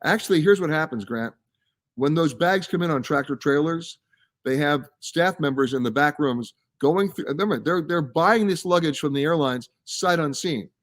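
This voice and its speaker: A man's voice: fairly high pitch, moderate pace. A man hosting a live travel show, reading out viewer comments and answering them in a casual, emphatic way. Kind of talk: casual live-stream chat. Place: live from a science center.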